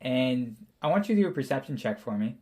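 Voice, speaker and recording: Male GM, loose rambling narration, quick to laugh. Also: mid-range voice, sing-song, mellow. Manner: casual, rambling, laughs often. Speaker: game master. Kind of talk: narrating a tabletop game.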